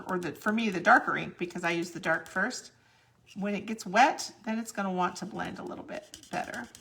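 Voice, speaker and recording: Woman, craft demo host, chatty step-by-step explainer, gravelly, bright tone. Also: mid-range voice, slight background noise. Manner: chatty, explains each step while working. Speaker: crafting demonstrator. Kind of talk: live crafting tutorial.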